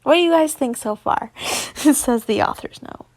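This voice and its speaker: Young woman reading fan fiction, slow and giggly, gravelly edge, swears in asides. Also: sits high, expressive, a little mellow. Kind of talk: casual story reading with asides.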